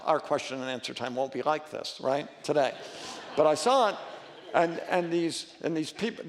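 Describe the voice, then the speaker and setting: A man's voice: fairly high pitch, creaky, in a large hall. A male pastor preaching a sermon in an earnest, conversational way, often restarting and rising in emphasis.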